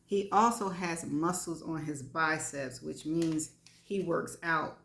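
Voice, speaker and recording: A woman's voice: low voice, slow pace, vocal fry, a bit bright. A woman giving a live reading of frank first-person fiction, wry and laughing between lines. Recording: echoey room.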